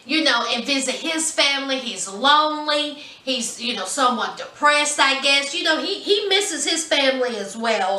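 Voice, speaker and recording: Sassy high bright-voiced woman recapping. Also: distant mic. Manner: sassy, gossipy storytelling with drawled asides. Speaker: reality TV recap vlogger. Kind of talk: casual episode recap. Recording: echoey room, mic set back.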